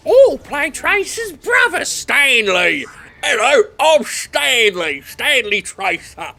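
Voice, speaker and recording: A man putting on a deliberately bad British accent, playing an eager, chirpy young British man. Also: big pitch swings, vocal fry, full character voice. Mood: cheery. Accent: put-on British. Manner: exaggerated bad British accent, shouty and high.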